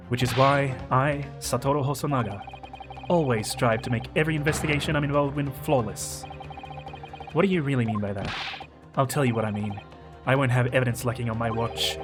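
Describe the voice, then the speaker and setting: A man's voice: mid-range voice, lightly acted. A man voicing a proud, earnest male police inspector who justifies himself, with game music behind.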